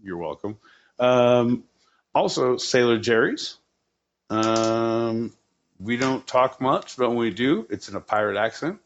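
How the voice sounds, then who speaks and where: A man's voice: medium pitch, slow pace. Profane joking man, slightly muffled. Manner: crude, joking, profane rambling. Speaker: podcast co-host. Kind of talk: casual comedic chat.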